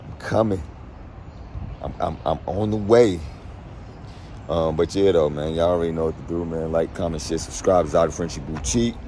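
Slangy low-voiced man vlogging on the go. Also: steady tone, moderate pace, warm tone. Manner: slangy, repeats words, talks to viewers as y'all. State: out of breath. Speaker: vlogger delivering a puppy. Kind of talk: casual vlog talk to camera. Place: airport and car. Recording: noisy phone recording.

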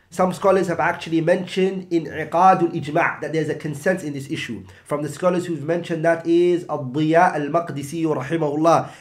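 A man teaching an Islamic text, explaining in English with Arabic terms and rhetorical questions. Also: a little high.

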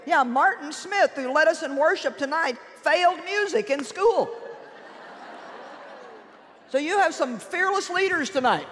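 A woman preacher giving a sermon in an animated, humorous and emphatic way in a large church. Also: high voice, a little slow, long pauses, in a large hall, slight background noise.

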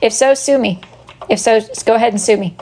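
Speaking fairly quickly in a fairly high voice with a darkish tone, a woman hosts a casual live stream of her wood-burned crafts. She reads out the joke slogans playfully and teases viewers by name.

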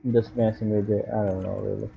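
A man's voice: on the low side, flat delivery, fast talker, creaky, mellow. A man rambling and swearing to himself while playing a game. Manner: rambling, profane, talks to himself in mixed languages. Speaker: gamer vlogger. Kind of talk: rambling gameplay commentary. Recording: lo-fi phone-like sound with faint noise.

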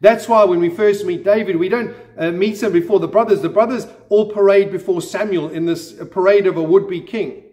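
A man, the pastor of a church, preaching a sermon with earnest delivery and gentle self-deprecating humor. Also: high-pitched, normal speed, few pauses.

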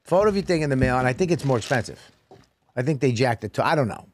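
A man's voice: mid-range voice, lively intonation, very fast, slight background noise. A man co-hosting a comedy podcast, ranting bluntly and with exasperation, swearing freely, on a studio mic. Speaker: podcast co-host.

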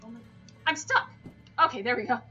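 A young woman playing a video game with a friend, excitable and swearing, shrieking when startled. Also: fairly high pitch, fairly quick, dull audio, faint music behind. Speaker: gamer, co-host. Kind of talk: let's-play banter.

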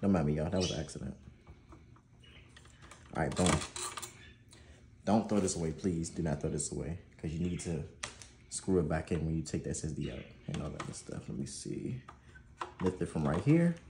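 A man's voice: rumbling low, animated, moderate pace, creaky, pauses often, echoey room, background noise. A man hosting a gaming channel, chatting casually through an unboxing and install tutorial, laid-back and prone to swearing and laughing.

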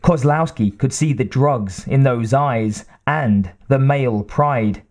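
Slow, measured male audiobook narrator. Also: mid-range voice, darkish tone. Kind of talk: scripted narration.

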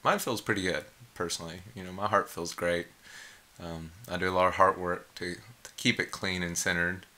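A man casually leading a heart meditation as an energy healing teacher, laid-back and blissed out, with sighs, hums and soft chuckles. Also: low voice, fairly even intonation, normal speed.

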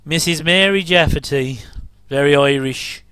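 A man's voice: on the high side, measured pace, sharp tone, smooth, no room sound. A man giving a casual, rambling commentary over an old TV episode, with frequent chuckling asides.

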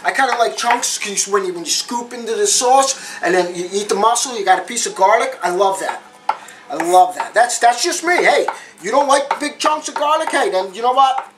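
A man's voice: very high voice, brisk, background noise. A man hosting a casual cooking demonstration, chatty and repeating his phrases with street slang. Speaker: home cooking show host.

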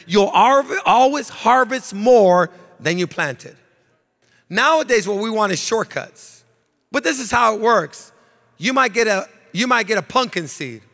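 Pastor guy preaching, high voice, shouts and sings his points, big echo. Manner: preaching with sung, shouted emphasis and repetition. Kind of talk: sermon. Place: church sanctuary. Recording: long reverb of a church hall.

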